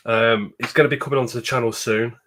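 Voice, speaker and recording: A man's voice: medium pitch, fairly even intonation, fast talker, fairly bright tone. A man with a sniffly cold voice, chatting casually as a livestream host and greeting viewers by name.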